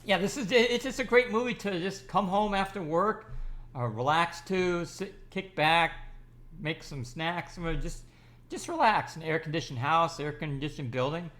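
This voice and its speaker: A man's voice: fairly high pitch, moderate pace, a bit bright. A man giving an enthusiastic, rambling movie review, talking casually with frequent restarts and fillers.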